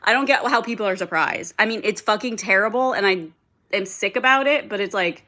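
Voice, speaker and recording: Bright-voiced young woman ranting casually on a livestream. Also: mid-range voice, normal speed. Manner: rambling, heavy filler "like", frequent swearing, reads and answers chat. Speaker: livestream host.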